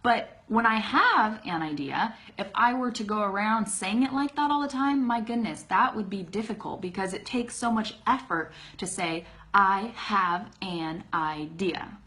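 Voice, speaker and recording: A woman's voice: on the high side, lively intonation, normal speed, few pauses, fairly bright tone. A woman with a Californian accent leads a casual English lesson on a live stream. Her talk is loose and chatty, full of "um"s and restarts. Her voice rises and falls as she leans on certain words. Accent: Californian American English. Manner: chatty and informal, lots of fillers and self-corrections. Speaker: English teacher. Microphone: phone.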